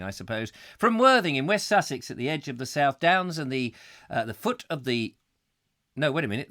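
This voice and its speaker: A man's voice: medium pitch, a bit bright. A man hosting a comic live call-in show, rambling and joking as he reads out viewer comments. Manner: rambling, jokey, reads viewer comments aloud in funny voices. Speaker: host.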